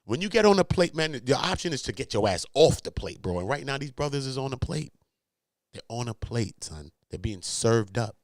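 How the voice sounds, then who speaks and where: A man's voice: medium pitch, big pitch swings, moderate pace, no echo, studio quality. A man hosting a commentary show, talking in brash, slang-filled, profane bursts. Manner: brash, swearing, laughing, slangy. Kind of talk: casual commentary.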